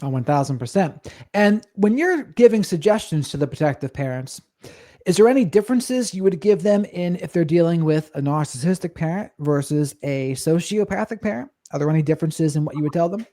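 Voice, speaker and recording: A male host poses questions in a measured, affirming way. His voice is mellow and slightly high for a man. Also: animated. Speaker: podcast host. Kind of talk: interview questions.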